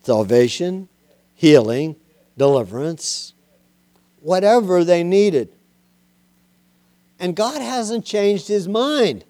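A male preacher delivering a sermon, emphatic and plain-spoken, urging listeners to say the words out loud. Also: high-pitched, lively intonation, takes it slowly, long pauses, dry recording. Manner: emphatic, urges listeners to say things aloud.

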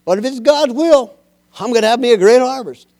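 A male preacher putting on a complacent farmer rocking on his porch, folksy and sure of himself. He does it in a smooth, fairly high voice during his sermon. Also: brisk, a little mellow. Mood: smug. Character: complacent male farmer idly waiting for a crop.

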